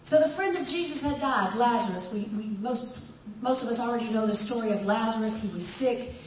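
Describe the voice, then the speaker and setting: A woman's voice: a little high, fairly quick, distant mic, a little hiss or hum. Woman preaching in an echoey church hall. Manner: animated storytelling preacher, acts out voices, laughs often. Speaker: pastor. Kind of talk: sermon.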